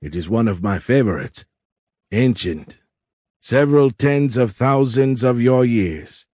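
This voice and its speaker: A male narrator voicing a courteous alien admiral who speaks in a stiff, formal, measured way. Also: medium pitch, animated, warm tone, no room sound, clean studio sound. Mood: courtly, measured.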